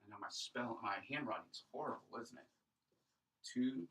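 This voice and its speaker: A man teaching Greek, speaking in a mid-pitched voice and explaining step by step as he writes, often pausing with a quick "okay?" to check in. He is picked up from a little way off the mic, so the voice sounds slightly distant. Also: lively intonation, fairly bright tone. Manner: explanatory, thinks aloud while writing, asks rhetorical checks. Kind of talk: recorded classroom lecture at a whiteboard.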